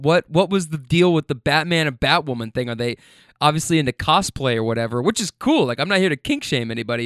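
A man's voice: on the high side, no room sound, studio quality. A young man casually telling a funny story about his passengers, acting out their lines and laughing as he goes. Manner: animated, acts out the passengers' voices with quoted lines and laughs.

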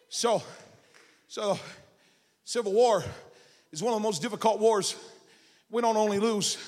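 A male pastor preaching a sermon in a church sanctuary. He moves between a chanted "uh" cadence and shouting, then drops to low, chatty stories. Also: long reverb tail.

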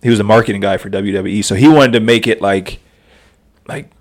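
A man in his thirties, a podcast guest telling stories in an animated way and laughing often. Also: lowish voice, fairly quick. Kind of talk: casual storytelling.

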